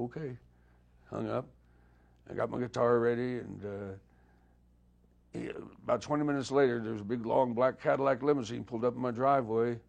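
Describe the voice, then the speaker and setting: Older man, gravelly voice, laid-back raconteur acting out old conversations. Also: medium pitch. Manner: relaxed anecdotal storytelling, voices quoted dialogue. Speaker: guest musician. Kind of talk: storytelling interview.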